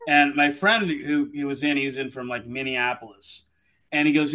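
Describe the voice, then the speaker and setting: A man, a guest on a sports podcast, telling lively stories in casual chat. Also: mid-range voice, normal speed. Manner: animated storyteller.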